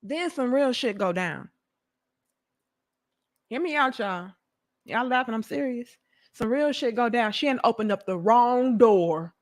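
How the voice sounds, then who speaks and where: A young adult woman, delivering a profane, animated commentary rant and acting out mocking voices. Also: fairly high pitch, a little slow, long pauses. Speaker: commentary host. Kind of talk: ranting commentary monologue.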